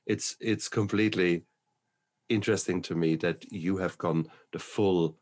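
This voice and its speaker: Deep-voiced man hosting a podcast. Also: steady tone, a little slow, a little mellow. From New Zealand. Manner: thoughtful, searching for words with restarts. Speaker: podcast host. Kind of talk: conversational interview.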